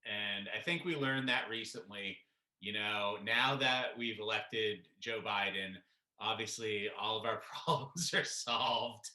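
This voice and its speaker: A man's voice: lowish voice, measured pace, pushed and bright. A man hosting a casual debate show, joking and rambling as he steers the talk. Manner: joking, rambling, laughs often. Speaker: host. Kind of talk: casual chat. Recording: roomy echo.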